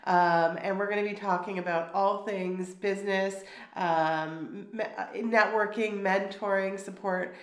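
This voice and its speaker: A woman's voice: medium pitch, little pitch movement, normal speed, hardly any pauses. A woman co-hosting a casual podcast, stuffy and nasal from a cold, bubbly and chatty with lots of restarts. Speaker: podcast co-host. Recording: echoey room.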